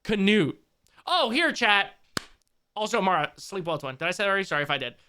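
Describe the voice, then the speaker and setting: A man's voice: high-pitched, sing-song, quick pace, pushed and bright, a little hiss or hum. A man live-streaming, rambling and swearing as he reacts to a clip and talks to his chat. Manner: rambling, profane, jumps between clip and chat. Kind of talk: casual live-stream commentary.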